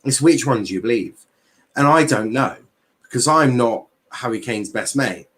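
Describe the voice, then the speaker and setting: A man's voice: medium pitch, expressive, moderate pace, a bit bright. A young man hosting a casual football livestream, bantering with chat, swearing and reading transfer news aloud.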